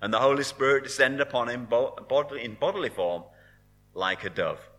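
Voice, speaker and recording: A man delivering a sermon in an earnest preaching manner, dropping his voice softly on key words. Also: mid-range voice, moderate pace.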